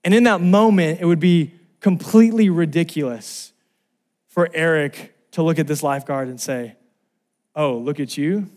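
A man's voice: fairly high pitch, moderate pace. Man preaching a story-driven sermon. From Los Angeles. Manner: storytelling, rising to loud exclamations. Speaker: pastor.

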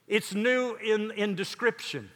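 An older man preaching a sermon, emphatic, building lists of words with dramatic pauses. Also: high voice, fairly bright tone, long reverb tail. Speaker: pastor.

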